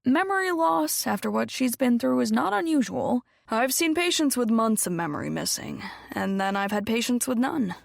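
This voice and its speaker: A woman voicing a calm, middle-aged male doctor who speaks in a measured, reassuring way. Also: on the high side, vocal fry, no room sound, studio quality, voice pushed up, full character voice.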